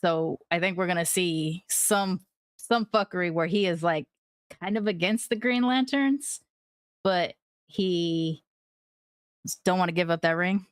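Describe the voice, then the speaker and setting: A woman's voice: on the low side, measured pace, clean tone, no echo. A woman co-hosting a podcast, asking questions and floating theories in casual chat. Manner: inquisitive, theorizing. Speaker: podcast co-host.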